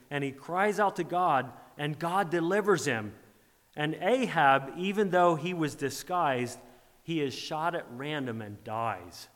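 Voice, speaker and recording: A man's voice: a little high, fairly bright tone. Man preaching in an echoing hall. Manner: retells scripture in dramatized voices, rhetorical questions. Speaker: pastor. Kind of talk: sermon. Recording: long reverb of a large hall.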